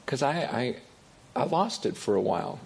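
A middle-aged pastor preaching a sermon, animated, acting out voices, sometimes dropping to a quiet confessional tone. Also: male voice, normal speed, vocal fry, breathy edge. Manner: animated, acts out voices with rising pitch and loudness.

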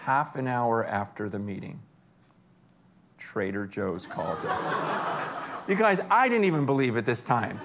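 A man preaching a sermon, telling stories with energy and swinging between hushed and excited moments. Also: mid-range voice, measured pace, pauses often, background noise. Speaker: pastor.

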